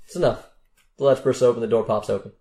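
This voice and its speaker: A man running a tabletop game as game master, narrating in a relaxed, joking way. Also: medium pitch, fast talker. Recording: roomy echo.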